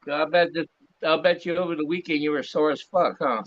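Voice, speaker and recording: A man's voice: fairly high pitch, steady tone, dull audio, over a noisy crowd. A man chatting on a video call, teasing his friend and chiming in with jokes. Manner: teasing, chimes in with jokes and quick comments. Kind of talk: casual chat on a video call.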